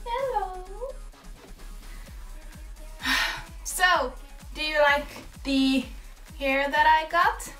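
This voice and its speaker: A woman's voice: fairly high pitch, a bit bright. A young woman chatting casually to her camera at home, giggly and casually swearing. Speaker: vlogger. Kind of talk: casual chat. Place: home, indoors by a balcony door. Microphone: camera mic.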